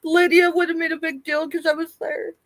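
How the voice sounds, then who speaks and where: A woman's voice: very high-pitched, flat delivery, normal speed, dry recording. A middle-aged woman, ranting angrily and tearfully on a late-night live stream. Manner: angry, tearful, confrontational.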